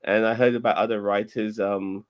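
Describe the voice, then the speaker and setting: A man's voice: on the low side, little pitch movement, normal speed. A man co-hosting a casual podcast, blunt and opinionated, swearing freely. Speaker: podcast co-host. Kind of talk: casual chat.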